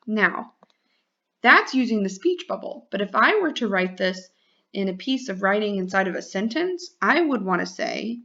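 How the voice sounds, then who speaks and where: A woman teacher giving a lesson to young children, speaking clearly and drawing out her words in a sing-song way. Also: mid-range voice, very animated, normal speed, pushed and bright, dull audio.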